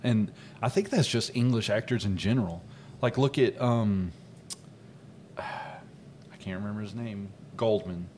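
A man's voice: lowish voice, slow, pauses often, darkish tone, slight background noise. A man co-hosting a casual podcast chat, rambling and hesitant with lots of fillers. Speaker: podcast co-host.

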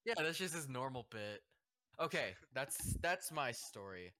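A young man with a very bright voice hosts a loose group chat and tells a rambling story with plenty of laughs. The sound is dry and close, with no room around him. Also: mid-range voice, sing-song, measured pace, no room sound. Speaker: host and judge.

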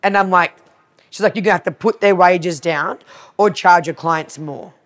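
Animated Australian woman telling stories. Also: on the low side, moderate pace. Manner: animated, acts out both sides of conversations. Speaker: podcast guest, cleaning business owner. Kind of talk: casual storytelling interview.

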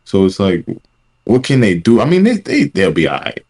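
A man's voice: fairly low pitch, huge pitch swings, moderate pace, a little mellow, husky. A young man co-hosting a casual podcast chat, blunt and swearing freely. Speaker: podcast co-host.

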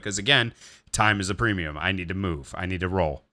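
A man's voice: fairly low pitch, fairly quick. A young man on a casual podcast, telling a long rambling, swearing story. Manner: rambling, swearing, animated retelling. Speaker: podcast co-host.

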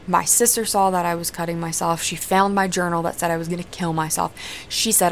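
A young woman with a fairly low voice tells her own story in an open, unguarded way. She talks conversationally and swears without hesitation. A faint hiss of noise sits beneath her voice. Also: steady tone, a little fast. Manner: candid, swears freely, conversational. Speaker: podcast host. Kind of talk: personal storytelling.

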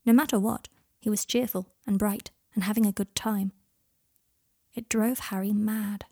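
Brief: woman audiobook narrator, frank and unhurried, dark, husky voice. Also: medium pitch, steady tone. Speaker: audiobook reader. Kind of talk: fan-fiction audiobook narration.

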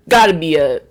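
A young woman telling stories in casual chat, animated and full of "like". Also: lowish voice. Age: young adult. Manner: chatty, animated storytelling with lots of "like". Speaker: podcast co-host.

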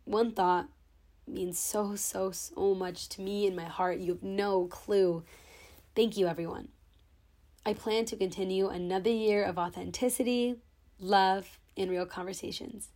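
Young woman podcaster, emotional thank-you talk, kinda teary but holding it together, mid pitch. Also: steady tone, unhurried, a little mellow. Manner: sentimental, tearful but holding back. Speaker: podcast host. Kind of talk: heartfelt podcast monologue. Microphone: own camera.

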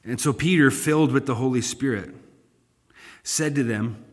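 A man's voice: medium pitch, moderate pace, long pauses. A man pastor teaching a Bible study, conversational and turning emphatic when he reads scripture aloud. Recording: long hall reverb.

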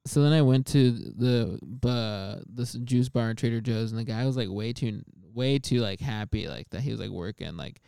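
A young man rambles through a casual podcast chat, laughing often. His voice is warm, smooth and gravelly, and his pitch jumps around a lot. The sound is close and dry. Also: normal speed, few pauses, no room sound. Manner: laughs often, loose rambling, many restarts.

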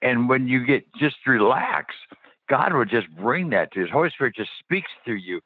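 A man's voice: mid-range voice, animated, normal speed, husky, no echo. A man speaking as a guest on a radio interview, telling faith stories in a passionate, eager way and often restarting his sentences. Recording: dry, tinny phone-like radio sound.

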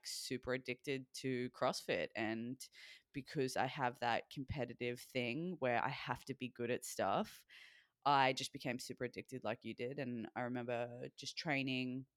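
A low-pitched woman in her twenties chatting on a podcast. She tells her stories with lots of energy, acts out what people said, and swears casually. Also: dry recording, studio quality. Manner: animated storyteller, swears freely, acts out quotes. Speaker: podcast co-host. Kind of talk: casual chat.

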